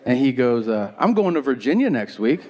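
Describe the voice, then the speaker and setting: On a comedy stage before a live audience, a man tells a story fairly quickly in a mid-range voice, sounding incredulous and exasperated. He's an animated storyteller who mimics the people in his quoted lines, and audience noise runs through the live recording.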